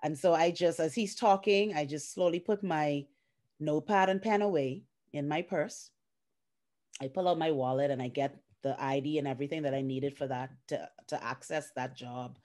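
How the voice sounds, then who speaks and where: A woman's voice: deep voice, normal speed. A middle-aged woman from the Bahamas, a life coach and guest, telling a personal story with feeling, acting out what others said, over a video call. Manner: emotional, animated retelling with acted-out quotes.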